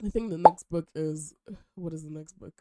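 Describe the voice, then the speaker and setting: Young woman for a casual book-review vlog, mellow tone, slightly low pitch, dry close sound, gushes and rambles. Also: normal speed, no echo. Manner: gushing, chatty, animated. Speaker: book vlogger and podcast host.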